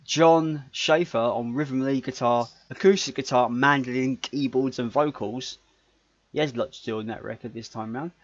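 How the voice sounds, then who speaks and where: A man's voice: medium pitch, fairly bright tone, no echo. A man co-hosting a podcast in casual chat, jokey and rambling, often stumbling over his words. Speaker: podcast co-host. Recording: dry, slightly dull podcast audio.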